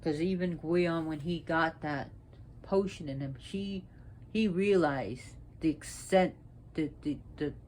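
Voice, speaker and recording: A woman speaking as a priestess, sick and short of breath, talking in a slow, halting way with restarts. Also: low voice, a little mellow, a little hiss or hum. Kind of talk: spoken talk on mythology.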